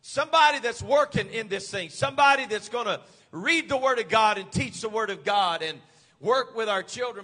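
High-voiced, fiery preacher. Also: male voice, animated, normal speed. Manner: builds from quiet teaching to shouted preaching. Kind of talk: sermon.

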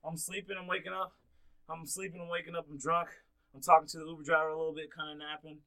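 A man with a bright, forceful voice, pitched a little high, runs a casual podcast chat. He tells stories with lots of energy and drops swear words freely, talking into a studio mic. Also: fast talker, rough recording. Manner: animated storyteller, swears freely. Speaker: podcast host.

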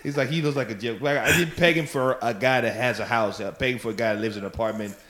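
A man from Nigeria, a guest trading loud, laughing banter in casual chat at a house. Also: mid-range voice, quick pace, a loud crowd, poor audio.

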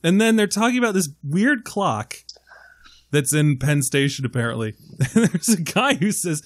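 Animated, profane man from Queens. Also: a little high, normal speed. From Queens, New York. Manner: animated, profane storytelling with frequent laughs. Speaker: podcast co-host. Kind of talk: casual film podcast chat.

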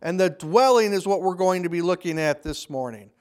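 A man's voice: sits high, animated, brisk, darkish tone. A man preaching a conversational sermon, briefly acting out the people he quotes. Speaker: pastor.

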